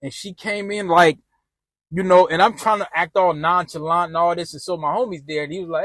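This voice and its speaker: A man's voice: high-pitched, moderate pace, no echo. A man telling a personal story in a rambling, laid-back way, acting out quotes with slang. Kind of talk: casual storytime narration.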